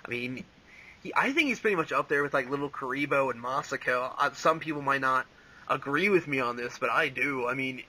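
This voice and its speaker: Young dude rambling thru an interview, bright voice, tons of likes and ums. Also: male voice, medium pitch, poor audio. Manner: rambling, full of "like" and "um", laughs often. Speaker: interview guest, fan voice actor. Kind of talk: casual interview chat.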